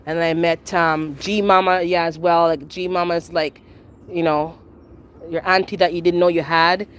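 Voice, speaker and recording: A woman's voice: fairly low pitch, level tone, moderate pace, smooth. A woman chatting casually on a live stream while she walks around her backyard garden, answering viewer comments. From Canada. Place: outdoor backyard garden near a rail line.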